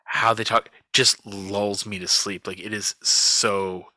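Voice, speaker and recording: A man's voice: on the low side, little pitch movement, slow, pushed and bright, no echo. A man hosting a pop culture podcast, chatting casually in a jokey, rambling way. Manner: jokey, rambling, swears freely. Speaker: podcast host. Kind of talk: casual chat.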